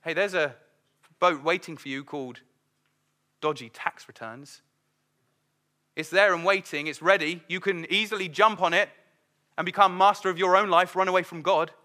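A middle-aged man preaching a sermon in a lively, conversational way, acting out the voices he quotes. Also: high-pitched, moderate pace, pauses often.

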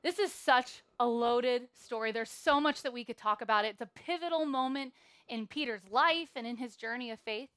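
A woman preaching a sermon in a church, telling a Bible story in a lively, playful way. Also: a little high, moderate pace, smooth.

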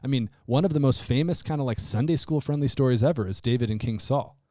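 Man, podcast co-host, animated storyteller, casual Bible talk, dry close mic. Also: mid-range voice, fast, no room sound. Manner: lively storyteller who acts out quoted lines.

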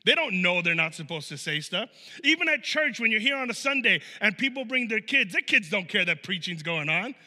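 A man preaching a conversational sermon as a pastor in a church, animated, with many casual fillers and acted-out quotes. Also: sits high, brisk, in a large hall. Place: church sanctuary.

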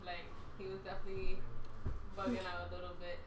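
A woman co-hosting a casual chat, animated and laughing. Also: fairly low pitch, quick pace. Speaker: podcast co-host. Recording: roomy, distant, noisy room mic.

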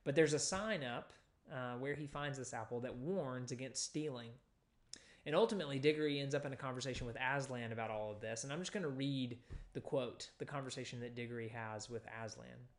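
Male pastor, mid-range voice, relaxed teaching sermon with frequent ums, reads verses aloud. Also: mid-range voice, brisk. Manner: conversational teaching with frequent fillers, reading scripture aloud.

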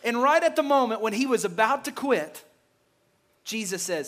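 Pastor guy preaching, high voice, keeps repeating words, emphatic. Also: animated, moderate pace, fairly bright tone. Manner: emphatic, with frequent stammered repeats. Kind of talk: sermon.

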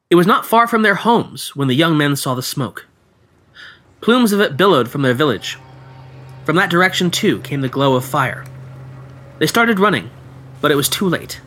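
Husky male storyteller with lively pitch. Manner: measured, dramatic storytelling. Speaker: podcast storyteller. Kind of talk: scripted narration of folk ghost tales.

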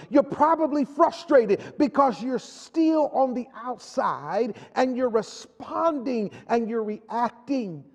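A man's voice: very high-pitched, a little mellow. A male pastor preaching a sermon with a repetitive, call-and-response delivery. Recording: long hall reverb.

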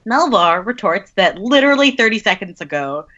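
A woman's voice: mid-range voice, big pitch swings, normal speed, a bit bright, lo-fi sound. A woman on a podcast casually recapping a novel, wry and laughing between lines. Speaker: podcast host summarizing a novel.

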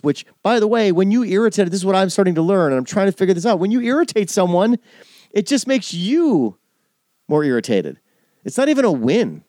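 A man's voice: sits high, very animated, brisk, mellow, no echo, studio quality. A man in casual chat, opinionated and profane, teasing his friend.

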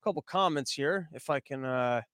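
A man's voice: medium pitch, moderate pace, a bit bright, clear, resonant tone, no room sound. An American man hosting a commentary show, ranting in a rambling, profane, sarcastic way.

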